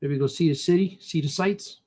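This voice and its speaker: Slightly high-voiced man muttering while drawing. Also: normal speed, darkish tone, breathy edge. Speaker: cartoonist and comic shop host. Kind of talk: casual drawing vlog, thinking aloud.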